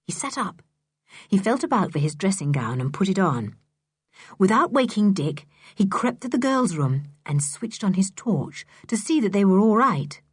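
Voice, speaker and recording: A woman narrating a children's audiobook in an expressive, animated reading style. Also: medium pitch, moderate pace, husky, no room sound. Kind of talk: storybook narration.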